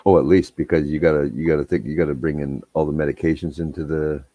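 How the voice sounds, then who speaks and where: Very deep-voiced man swearing through stories. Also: little pitch movement, quick pace, lo-fi sound. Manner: profane, rambling anecdotes. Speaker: storyteller. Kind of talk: casual chat.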